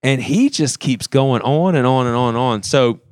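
Clear-voiced man telling a story. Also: mid-range voice, normal speed, no echo, studio quality. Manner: animated storyteller, restarts phrases, acts out quotes. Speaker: podcast co-host. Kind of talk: casual storytelling chat.

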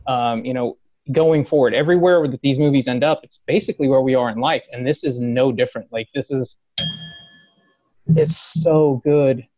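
A man's voice: normal speed, muffled recording, a little hiss or hum. A man hosting a podcast, telling a fan story in casual chat, acting out quotes, laughing and swearing. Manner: animated, acts out quotes with rising pitch, swears, laughs. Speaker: podcast host.

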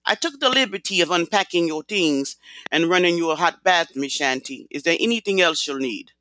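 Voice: medium pitch, lively intonation, normal speed, pushed and bright, dry recording. An audiobook narrator voicing an older, motherly housekeeper with a Jamaican accent who tells people what to do. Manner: motherly, bossy. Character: older woman, warm-hearted housekeeper. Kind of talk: audiobook character voice.

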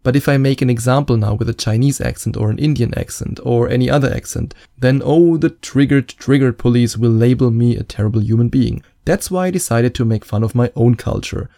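A man's voice: medium pitch, a little fast, creaky, few pauses, warm tone, no room sound, studio quality. A man with a German accent, giving dating advice in a playful, joking vlog. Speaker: dating coach.

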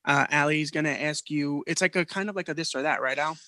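A man co-hosting a podcast, telling a story in a profane, animated way. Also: fairly high pitch, a little fast, dry recording. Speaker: podcast co-host. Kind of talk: casual chat.

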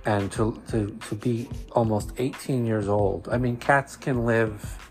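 A man's voice: lowish voice, steady tone, a little slow, soft background music. A man with a Brooklyn accent hosting a cat podcast, talking casually and enthusiastically, often repeating words as he gets going. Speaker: podcast host.

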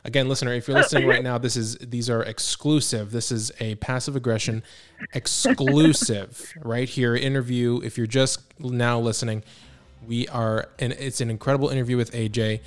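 A man's voice: medium pitch, fairly even intonation, moderate pace, soft background music. Playful male podcast host. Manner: playful, teasing interviewer. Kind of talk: casual chat.

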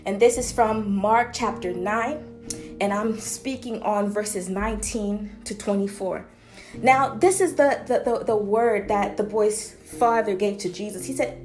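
Woman preacher, sermon delivery, emphatic and repetitive, slightly high pitch, faint music bed. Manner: emphatic, repeats phrases for stress.

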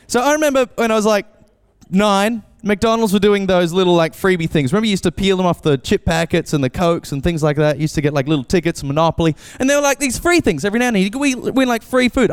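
A man preaching a casual, animated sermon as pastor, acting out voices when he tells a story. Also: high voice, fast talker, smooth, long reverb tail. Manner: animated, acts out voices in anecdotes. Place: church.

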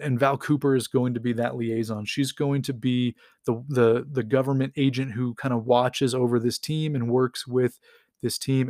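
A man's voice: mid-range voice, a little mellow, dry recording, studio quality. A man casually retelling a story in a rambling, enthusiastic way, with lots of fillers. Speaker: comics recap host.

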